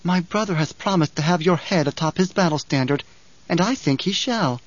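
An eerily calm, self-assured young girl, as a male narrator puts her on, pitched higher and softer than his own voice, cool and precise. The audiobook sound is dry and slightly dull. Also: normal speed, no echo, natural voice. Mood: defiant.

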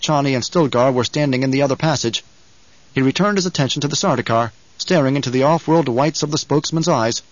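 A man reading scripted audiobook narration in a measured, dramatic way. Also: medium pitch, dry recording, muffled recording.

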